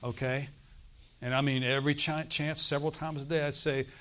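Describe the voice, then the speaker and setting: A middle-aged man preaching a sermon, telling a personal story with loud bursts and acted-out laughter. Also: a little high, little pitch movement, brisk.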